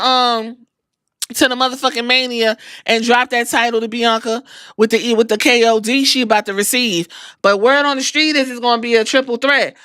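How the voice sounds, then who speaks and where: Woman host, high bright voice, dry close sound, chatty recap. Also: no room sound. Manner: animated, profane, acts out quotes. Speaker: podcast host. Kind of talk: casual wrestling recap.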